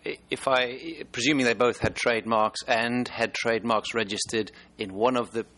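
A man presenting at a conference and answering audience questions in a halting way, often restarting and repeating words. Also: mid-range voice, fairly even intonation, fairly bright tone.

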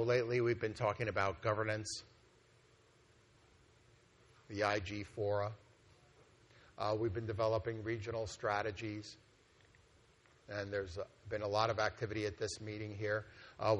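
Presenting a plan as an organization executive, this lowish-voiced man speaks flatly at normal speed in a conference meeting hall, his tone a bit bright. He pauses often and talks conversationally, with frequent fillers and restarts.

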